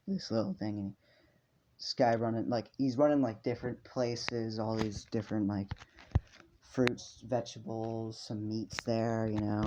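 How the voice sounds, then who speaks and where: A man casually telling an improvised story, rambling with many fillers and restarts. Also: lowish voice. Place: home room. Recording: dull lo-fi home mic with faint noise.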